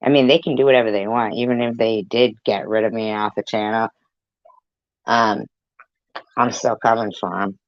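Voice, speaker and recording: Low-voiced guy ranting and taunting at the camera, cussing a lot, muffled dry recording. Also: steady tone, dry recording. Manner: profane, taunting, slow and deliberate. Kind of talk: angry rant to camera.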